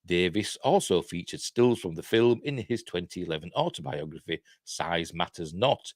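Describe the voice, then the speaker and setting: Deep-voiced Yorkshire man rambling. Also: lively intonation, moderate pace, hardly any pauses, no echo, studio quality. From Yorkshire, England. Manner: rambling, chatty asides with chuckles; reads articles aloud then comments on them. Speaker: host. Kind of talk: casual live news round-up.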